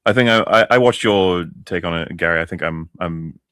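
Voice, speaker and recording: Brief: sarcastic male podcast co-host, lowish, dry close sound. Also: moderate pace, a bit bright, clean tone, no echo. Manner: blunt, sarcastic, swears, laughs a lot. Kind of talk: casual chat.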